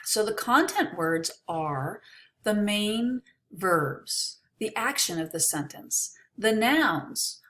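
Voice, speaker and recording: A woman teaching an English lesson, explaining in a slow, clear way. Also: medium pitch, sing-song, fairly bright tone. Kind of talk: ESL lesson.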